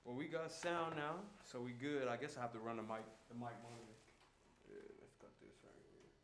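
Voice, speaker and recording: A man's voice: medium pitch, steady tone, a little fast, fairly bright tone. A man streaming live and talking casually to his chat in a laid-back, slangy way. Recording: echoey room with faint background noise.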